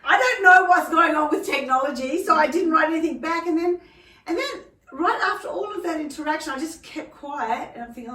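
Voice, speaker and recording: A middle-aged woman pastor telling a story in casual chat, animated and laughing, acting out quotes. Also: sits high, a little fast, distant mic. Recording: echoey room, voice a little off-mic.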